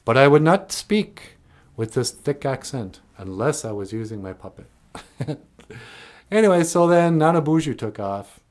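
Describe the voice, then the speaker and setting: Animated man telling a comic story. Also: medium pitch, unhurried. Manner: animated, folksy and digressive. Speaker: cartoonist and puppeteer.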